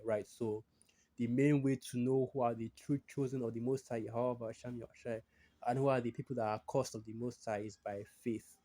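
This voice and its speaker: A man delivers a scripture-teaching sermon in a relaxed, conversational way, checking in with tag questions and restarting his sentences. His voice sits at a middle pitch with a dark, mellow tone. He breaks off now and then to read verses aloud. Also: a little fast. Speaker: preacher.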